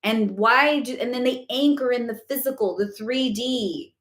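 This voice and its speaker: A woman's voice: fairly high pitch, moderate pace, a bit bright, reverberant. A woman spiritual coach answering questions on a live stream, chatty and emphatic, often checking in with "okay?" and speaking bluntly. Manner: candid and blunt, with casual swearing.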